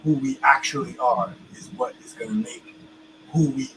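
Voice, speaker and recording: A co-host speaks in a mid-range, fairly bright voice with fairly even intonation and normal speed, captured in a rough recording. His casual, emphatic discussion is loosely phrased, full of slang and restarts. Faint background noise sits beneath him.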